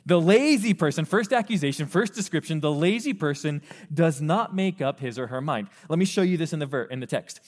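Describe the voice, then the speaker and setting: Youth pastor, male, slightly high voice, lively preaching with acted-out asides, long hall reverb. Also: brisk. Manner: animated, acts out quoted voices of parents and teens. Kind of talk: sermon.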